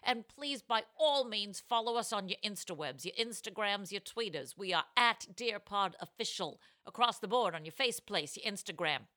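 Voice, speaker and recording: A woman's voice: mid-range voice, moderate pace, few pauses. A woman hosting a comedy podcast, talking in a playful, theatrical way from a home mic. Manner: playful, animated, theatrical gasps and laughs. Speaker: podcast host. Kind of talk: casual comedy podcast chat.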